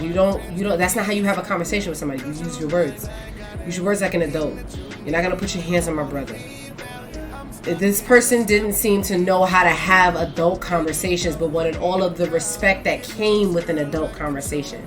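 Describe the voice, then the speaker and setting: A woman co-hosting a casual chat, telling a story in an animated, emphatic way that swings between loud and soft. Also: fairly low pitch, fairly quick, music in the background. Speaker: podcast co-host; teacher.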